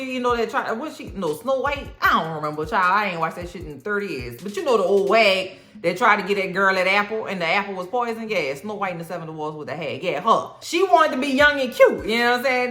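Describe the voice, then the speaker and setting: A woman recapping a TV episode in casual slang, acting out the characters' lines in an animated storytelling style. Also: mid-range voice, reverberant. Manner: slangy, cursing, talks straight to viewers. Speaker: TV recap host.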